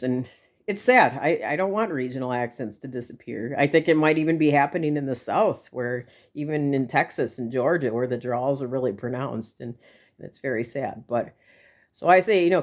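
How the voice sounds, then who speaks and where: A woman from Milwaukee with a Milwaukee accent, chatting casually to camera in a chatty, enthusiastic way with fillers and laughs. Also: extremely low pitch. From Milwaukee, Wisconsin. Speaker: vlogger.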